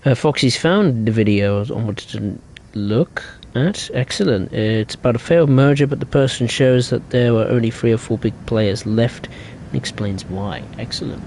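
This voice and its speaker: A man streaming a train simulator game live, chatting in a relaxed way and thinking aloud as he drives. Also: medium pitch, moderate pace. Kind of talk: live gameplay commentary. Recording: game train noise behind.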